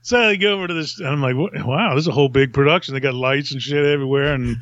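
Speaking quickly in a mid-range voice with a fairly bright tone, this male podcast host wanders through a lengthy, casual tale and laughs frequently. There's no echo, though the audio has a dull, lo-fi character.

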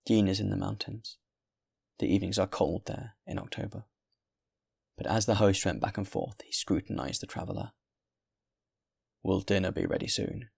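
Deep-voiced man reading a novel aloud. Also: vocal fry, slightly rough. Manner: steady, measured narration. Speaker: audiobook reader.

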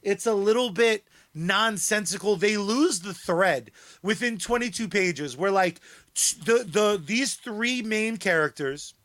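Male podcast co-host, high voice, unhurried, sardonic and profane. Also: animated, a bit bright. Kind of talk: casual podcast chat.

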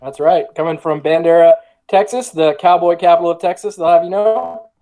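A man's voice: on the high side, brisk, mellow, soft background music, low-quality recording. A man co-hosting a casual sports podcast remotely, dry and matter-of-fact in an easygoing way. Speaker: podcast co-host. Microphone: remote call.

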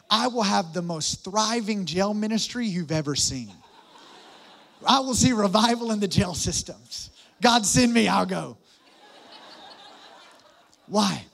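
A man preaching a sermon as pastor, humorous and animated, with many asides to the congregation. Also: high voice, a little slow, gravelly.

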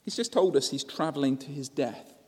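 A man's voice: medium pitch, fairly quick, darkish tone, long reverb tail. A man preaching a sermon, telling the story and asking rhetorical questions.

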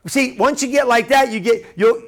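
A male preacher delivering a sermon with a fairly high voice. He talks loosely and conversationally, circling back on phrases and checking in with the room. His tone stays animated and direct. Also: moderate pace, creaky. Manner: conversational, animated, repeats and restarts phrases, asks the room questions.

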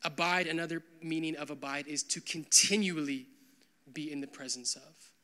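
A young man preaching a sermon as pastor, talking to his congregation in a casual, animated way with lots of filler words. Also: a little high, normal speed. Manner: conversational, animated, full of "like" fillers.

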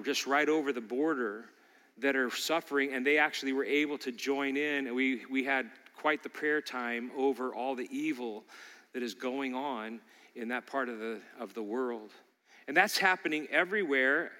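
A man's voice: fairly high pitch, bright, forceful tone, big-room sound. A male pastor preaching a sermon, emphatic and fond of repeating key lines for emphasis.

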